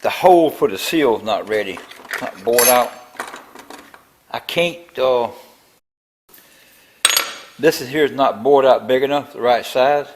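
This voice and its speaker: A man's voice: medium pitch, unhurried, long pauses, noisy background. An older man, talking through a tractor build in his machine shop in a rambling, grumbling way. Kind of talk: casual workshop vlog.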